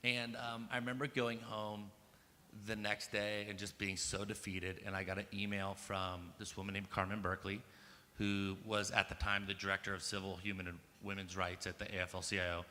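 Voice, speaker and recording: A man's voice: on the low side, flat delivery, normal speed, sharp tone, a little hiss or hum. A man in his thirties from the United States gives a personal storytelling talk at a conference. He speaks casually, swears, and leans on "like" and "um" as he grows emphatic. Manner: casual and profane, heavy use of "like" and "um". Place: large conference hall. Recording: long hall reverb with faint ambience.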